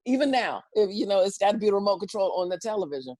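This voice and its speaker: Animated woman telling stories. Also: medium pitch, very fast, dry recording. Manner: lively, acts out voices and quotes, laughs often. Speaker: interview guest, YouTube comedian. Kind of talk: animated storytelling chat.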